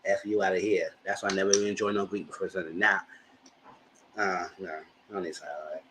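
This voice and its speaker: A man's voice: sits low, fairly quick, background noise. Chatty man in his thirties. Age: 30s. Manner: chatty, slangy, expressive. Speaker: commentary channel host. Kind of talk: casual live commentary.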